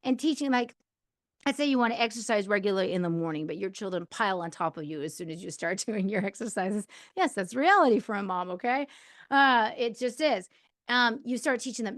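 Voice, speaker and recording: A woman's voice: a little high, expressive, a little fast, fairly bright tone, no echo, studio quality. A middle-aged woman hosting a podcast, giving casual, encouraging advice straight to the listener. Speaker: podcast host.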